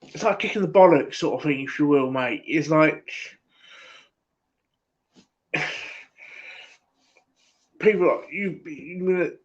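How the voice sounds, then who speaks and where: Rambling Essex man on a lo-fi stream. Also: a little high. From England. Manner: rambling, halting, full of fillers and "mate". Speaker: livestream host. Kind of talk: casual live-stream chat.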